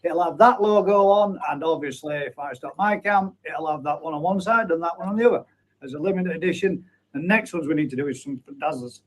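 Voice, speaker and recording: Man, stream host, casual chat, fairly high voice, reads viewer comments aloud. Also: fairly quick, low-quality recording. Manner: chatty, banters and reads names aloud.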